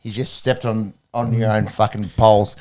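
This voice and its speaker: A man's voice: fairly low pitch, little pitch movement, moderate pace, darkish tone. An Australian man co-hosting a sports podcast, chatting casually in a joking, rambling way and swearing freely. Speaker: podcast co-host. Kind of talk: casual chat.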